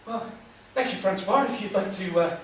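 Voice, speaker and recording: An actor playing the coaxing, patient leader of a self-help group. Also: male voice, high voice, normal speed, far from the mic, lightly acted. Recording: echoey room from afar, noisy.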